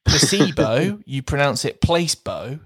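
A man co-hosting a podcast, chatting casually and laughing often as he slowly plays with the sounds of words. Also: medium pitch, lively intonation, a bit bright, no room sound. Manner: playful, laughs often, reads out word jokes slowly. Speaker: podcast co-host. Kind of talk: casual chat.

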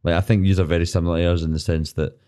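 A man's voice: sits low, little pitch movement, rapid-fire, warm tone, clear, resonant tone. A Scottish man in casual podcast chat, joking around and swearing freely. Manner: swears freely, jokey banter.

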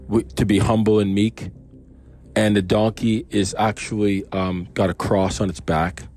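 A man reads scripture in a mellow, darker voice, then drifts into relaxed, rambling commentary full of restarts. He sounds like he is thinking out loud. Faint music plays softly behind him. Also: fairly low pitch. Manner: musing, chatty asides, frequent restarts and chuckles. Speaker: Bible reader and commentator. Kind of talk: casual Bible reading with commentary.

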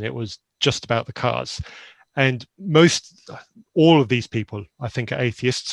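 A man around fifty, raised in Zambia, candidly and earnestly telling his own story of faith and doubt, often halting and restarting. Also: mid-range voice, fairly bright tone, no echo. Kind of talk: reflective personal storytelling.

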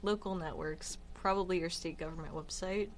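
A woman's voice: lowish voice, steady tone, fairly quick, a little hiss or hum. A young woman co-hosting a casual radio show, with dry, wry quips.

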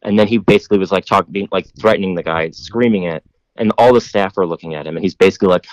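A man's voice: deep voice, very fast, no echo, highs cut off. A man telling a long rambling story in casual podcast chat, full of "like" and casual swearing.

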